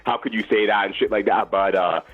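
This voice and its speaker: A man from Canada with a Canadian accent, calling in to a radio show and speaking earnestly, with many halting restarts. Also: fairly low pitch, fairly even intonation. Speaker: caller. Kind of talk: phone-in chat. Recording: dull lo-fi phone line.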